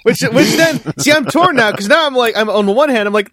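Excitable podcast host man, stammering starts. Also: very high voice, a little fast, hardly any pauses, noisy background. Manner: rambling, repeats words when starting, bursts into excited shouts. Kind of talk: casual podcast chat.

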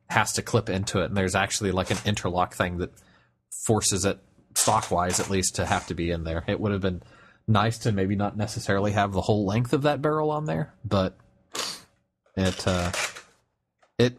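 A man's voice: on the low side, fairly even intonation, moderate pace, background noise. A young man chatting casually on a podcast, rambling with many restarts and fillers. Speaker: podcast co-host. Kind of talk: casual chat.

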